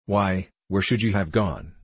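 A tired miner's wife, speaking quietly and coldly with open contempt, as a male narrator reads her lines. The voice stays low and slightly husky, recorded dry and close. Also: measured pace, no echo. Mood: scornful. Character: cold, weary miner's wife, middle-aged woman.

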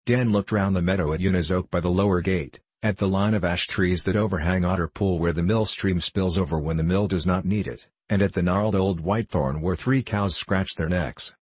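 A man narrating a classic children's novel as an audiobook, in a measured, even storytelling manner. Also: low voice, slightly rough, no room sound.

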